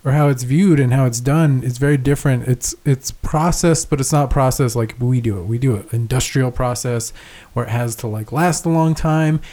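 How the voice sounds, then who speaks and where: A young man chats loosely on a podcast, rambling through a story with swearing and frequent laughter. His voice is mellow and relaxed, sitting in a middle pitch. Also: normal speed, hardly any pauses. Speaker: podcast co-host. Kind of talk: casual chat.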